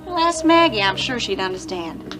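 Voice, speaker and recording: An actress playing a kindly, teasing coworker in a 1980s TV soap opera. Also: female voice, fairly high pitch, lively intonation, moderate pace, lightly acted, rough recording. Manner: warm, teasing, encouraging. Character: kindly motherly coworker, Nita.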